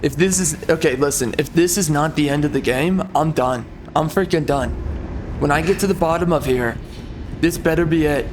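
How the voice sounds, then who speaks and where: Young man, gamer commentary, frustrated, stammering, slightly high pitch. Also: moderate pace, a little hiss or hum. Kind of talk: casual game commentary.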